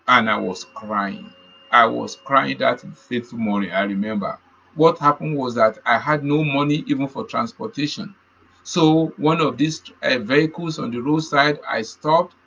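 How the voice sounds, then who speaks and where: A man delivers a sermon, telling his own story with earnest repetition. His voice is gravelly and bright, with a husky edge. The recording sounds muffled and lo-fi. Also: medium pitch, normal speed. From Nigeria. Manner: earnest storytelling, repeating key phrases. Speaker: preacher. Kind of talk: sermon with a personal testimony.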